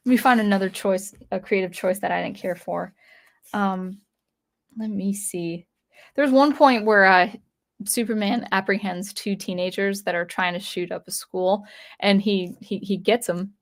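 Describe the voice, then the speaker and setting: A woman giving a casual, rambling spoken review of comic books, talking animatedly while flipping through pages. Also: mid-range voice.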